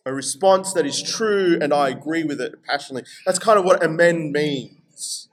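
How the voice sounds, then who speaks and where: A man with an Australian accent preaching a sermon in a chatty, energetic way, reading scripture aloud. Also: fairly high pitch, normal speed, low-quality recording. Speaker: pastor.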